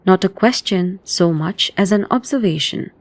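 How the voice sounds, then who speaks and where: Measured woman narrating a thriller. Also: mid-range voice, no echo. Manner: measured, descriptive. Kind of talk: scripted audio drama narration.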